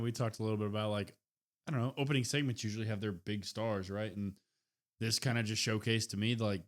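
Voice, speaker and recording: A young man with a fairly low voice, co-hosting a wrestling podcast. He talks in an easygoing, offhand way, tossing out his opinions on the show. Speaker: podcast co-host. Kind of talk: casual wrestling recap chat.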